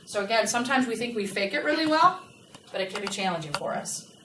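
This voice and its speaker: A woman giving a lively customer service training talk to a live audience and asking them questions. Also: fairly high pitch, fast. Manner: animated, asks the audience questions. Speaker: workplace trainer. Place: large room with a live audience. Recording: echoey room, from a distance, faint noise.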